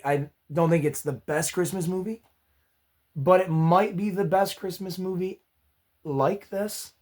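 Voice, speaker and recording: Male vlog host, a touch high-pitched, hoarse from losing his voice, friendly rambling review style. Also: darkish tone. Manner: chatty and upbeat, self-deprecating asides. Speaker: movie review channel host. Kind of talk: casual spoken movie review.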